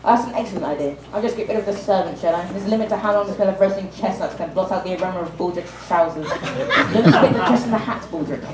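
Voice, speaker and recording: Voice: mid-range voice, fast, noisy background, close to an everyday voice. A young student playing a sly, sarcastic male schemer in an amateur school stage comedy. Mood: sardonic. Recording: echoey hall from far off.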